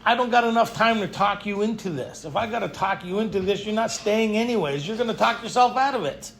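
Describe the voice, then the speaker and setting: A man's voice: sits high, a little fast, slight background noise. A man speaking to a retreat group, telling blunt, joking stories and peppering them with rhetorical questions. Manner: lively storytelling, frequent rhetorical "right?"; blunt, joking tough-guy humor. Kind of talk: recovery talk to a live group. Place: retreat meeting room.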